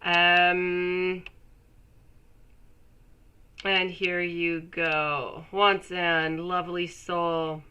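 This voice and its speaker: A woman with a cold and a stuffy, nasal voice, chatting warmly with her viewers while reading tarot on a live stream. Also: fairly low pitch, flat delivery, drawn-out words, long pauses, clear, resonant tone, highs cut off. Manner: chatty, affectionate, laughs often. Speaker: tarot reader.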